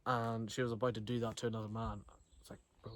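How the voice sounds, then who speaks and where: A man's voice: fairly low pitch, flat delivery, quick pace, a bit bright, no room sound. A young man telling a story to camera outdoors, in a slangy, profane, rambling way with lots of restarts. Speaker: vlogger. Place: outdoors near trees. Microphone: camera he films himself with.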